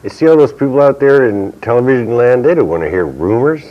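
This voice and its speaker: A man's voice: mid-range voice, expressive, fast talker, highs cut off. A man speaking for the government on a panel, combative and dismissive in his replies. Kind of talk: panel debate.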